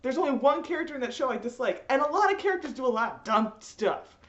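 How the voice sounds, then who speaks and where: A young woman with a high, lively voice rants in an exasperated, animated way and laughs often. The sound is slightly dull, and the room around her is echoey. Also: fast. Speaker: vlogger. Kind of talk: ranting vlog.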